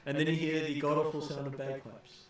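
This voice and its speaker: A man narrates a tabletop game as game master, pausing often with fillers. His voice sounds distant in a very echoey room. Other people chatter nearby. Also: a little high, level tone. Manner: hesitant, many fillers. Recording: echoey room, far from mic.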